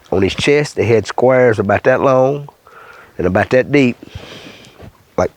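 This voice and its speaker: A man's voice: mid-range voice, a little mellow, no echo. An older man from Louisiana with a bayou accent, telling a rambling, folksy story full of swearing in an interview. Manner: rambling, folksy, swears often, acts out voices.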